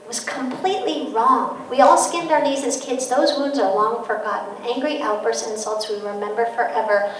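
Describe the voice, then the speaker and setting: A middle-aged woman gives an animated parenting talk, slipping into quoted voices and stories. Her voice sits a little high and sounds a bit distant, carried by a long, echoing hall reverb with faint room noise behind it. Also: moderate pace, few pauses. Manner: storytelling with quoted voices and laughter. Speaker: guest speaker on parenting. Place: large hall.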